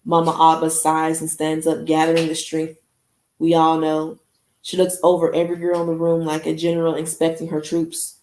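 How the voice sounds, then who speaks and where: A woman hosting a podcast, reading a novel aloud and breaking off for relaxed, casual chat with her listeners. Her voice is on the low side, and the room gives it a clear echo. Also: moderate pace. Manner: casual, chatty, says "y'all". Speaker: podcast host. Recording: echoey room.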